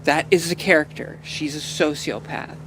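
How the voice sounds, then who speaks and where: A man with a fairly high-pitched voice chats to his stream while driving in a role-play game, rambling and swearing as he laughs things off. A quiet hum of game engine noise runs beneath him. His talk is loose, casual and unscripted. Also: moderate pace. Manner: rambling, profane, laughs often. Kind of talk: out-of-character gameplay commentary.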